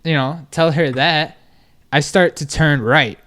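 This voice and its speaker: A man in casual podcast chat, spinning an animated story about work. His voice sits a little higher than most men's, and he keeps stopping to check that his listener is following. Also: unhurried. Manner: animated storytelling, constant "you know what I mean". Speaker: podcast guest telling a story.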